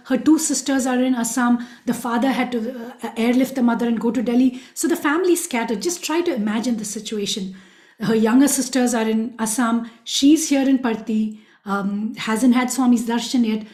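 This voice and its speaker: A woman's voice: on the high side, darkish tone. A woman giving an earnest devotional storytelling talk, speaking directly to her listeners. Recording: echoey room.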